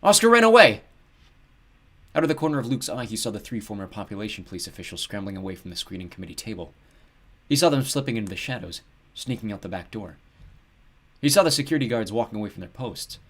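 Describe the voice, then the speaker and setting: A man narrating an audiobook in a steady, measured storytelling voice. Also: lowish voice.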